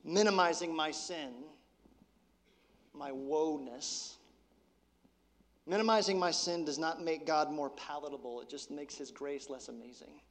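A man preaching a sermon as pastor, talking in a casual, conversational way and then dropping to a soft, intense hush. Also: on the high side, unhurried, pauses often, in a large hall.

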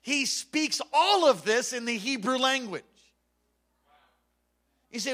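A man's voice: extremely high pitch, animated, takes it slowly, long pauses, pushed and bright. A man preaching a fervent, emphatic sermon as pastor from a church stage.

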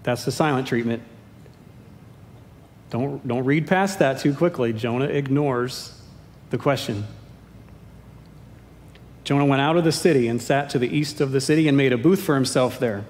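Pastor who preaches with light, self-deprecating jokes, recorded in a reverberant church hall with a low rumble. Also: male voice, normal speed, long pauses, a little mellow. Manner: playful, self-deprecating humor. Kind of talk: sermon. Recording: echoey hall with faint rumble.

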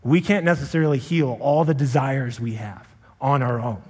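Husky-voiced pastor preaching in a reverberant hall. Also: male voice, mid-range voice, moderate pace. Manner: earnest, rises to impassioned shouting when retelling his anger. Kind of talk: sermon. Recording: long reverb in a large hall.

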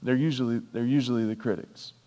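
A pastor preaching a sermon, repeating key lines for emphasis and breaking off for chatty asides. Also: male voice, mid-range voice, fairly even intonation, quick pace, warm tone, big-room sound.

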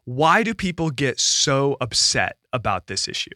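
A man's voice: medium pitch, big pitch swings, a little slow, bright, forceful tone, no room sound, studio quality. A man who is a pastor and podcast co-host, talking thoughtfully in a casual discussion, with frequent restarts and laughter.

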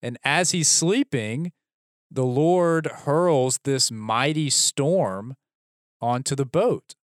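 A man co-hosting a casual Bible discussion podcast, retelling the story with lively acted-out lines. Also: mid-range voice, slow, no echo, studio quality. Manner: animated storytelling, acts out characters' lines. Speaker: podcast co-host.

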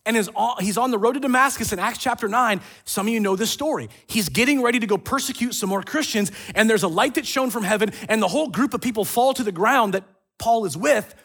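Male pastor, slightly high voice, animated storyteller, casual sermon. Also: fast, breathy edge. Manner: animated storytelling with acted quotes and asides. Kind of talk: casual sermon retelling scripture.

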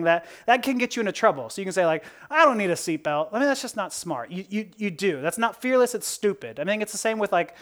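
A woman preaches a sermon in a relaxed, conversational style, speaking at an average pitch. She keeps posing rhetorical questions to her listeners and laughs at her own jokes.

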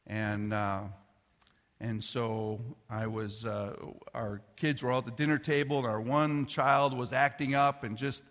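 A middle-aged man in a mid-range voice preaches as a pastor in a large hall with long reverb. His sermon drifts conversationally through a family story, complete with restarts and occasional soft, near-whispered passages.

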